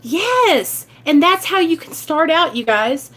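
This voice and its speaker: Recovery vlogger, woman, Midwestern American accent, high voice, emotional and direct, casual live chat. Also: expressive, normal speed, a bit bright. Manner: earnest, emotional, talks straight to viewers.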